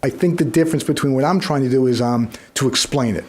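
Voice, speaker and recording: A man's voice: medium pitch, quick pace, darkish tone, slightly rough. A man talking as a guest in an interview, telling stories and repeating words as he starts his sentences. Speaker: guest, kindness program creator. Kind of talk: conversational interview storytelling.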